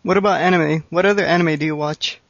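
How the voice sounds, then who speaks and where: A man's voice: fairly high pitch, steady tone, fast talker, gravelly, a bit bright, highs cut off. A man interviewing a guest, asking short, direct questions.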